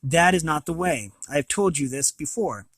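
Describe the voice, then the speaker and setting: Solemn unicorn, calm, resigned, formal speech, storybook creature, read by a man. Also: fairly high pitch, normal speed, no room sound. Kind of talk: reading a novel aloud.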